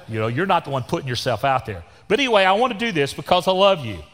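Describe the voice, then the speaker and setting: The long reverb of a church sanctuary surrounds a Texas pastor in his sixties as he delivers a sermon. He speaks quickly with few pauses, in a fairly high, slightly bright, sing-song voice. His manner is folksy and humorous, full of down-home sayings.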